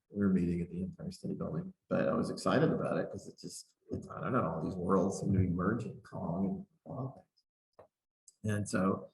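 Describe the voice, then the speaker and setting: A man who is a guest author, telling animated anecdotes in an interview and acting out the dialogue. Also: low-pitched, gravelly. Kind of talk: storytelling in an interview. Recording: roomy echo.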